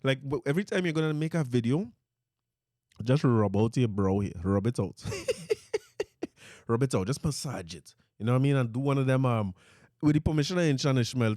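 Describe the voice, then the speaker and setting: A man's voice: medium pitch, darkish tone, no echo. A middle-aged man with a Trinidadian accent, hosting a podcast in a studio, telling rambling stories and laughing often. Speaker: podcast host. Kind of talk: casual comedic monologue.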